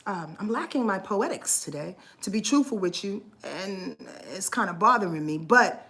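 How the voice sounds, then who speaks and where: A woman's voice: medium pitch, expressive, moderate pace, fairly bright tone. A woman astrology vlogger talking in a heartfelt, rambling monologue, earnest and swearing freely, emotional and close to tears at times.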